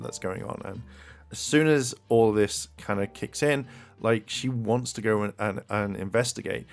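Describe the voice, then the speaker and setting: A man's voice: fairly low pitch, creaky. Rambling man reviewing an episode. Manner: rambling, many fillers and restarts, excitable. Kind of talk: casual video review.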